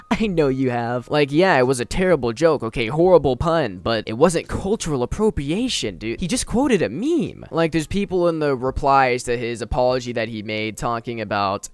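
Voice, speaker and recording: Smooth-voiced man ranting in slang. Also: medium pitch, expressive, moderate pace, hardly any pauses, no echo. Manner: slangy, exasperated, emphatic. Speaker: commentary YouTuber. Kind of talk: casual ranting commentary.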